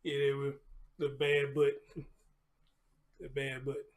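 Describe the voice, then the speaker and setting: A man's voice: medium pitch, completely flat delivery, slow pace. A man, hosting a casual live show and chatting loosely, talking playfully to his puppy between remarks. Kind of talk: casual live-stream chat.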